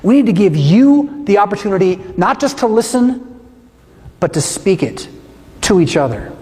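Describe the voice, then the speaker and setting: A man's voice: high voice, big pitch swings, moderate pace, mellow. A man who is a pastor, giving an emphatic teaching presentation to a congregation and asking many rhetorical questions. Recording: echoey hall reverb.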